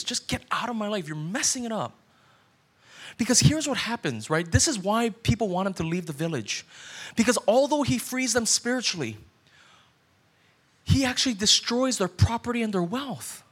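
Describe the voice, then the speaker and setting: A male pastor preaches an animated, conversational sermon in a voice that sits high, frequently checking in with his listeners by asking "right?".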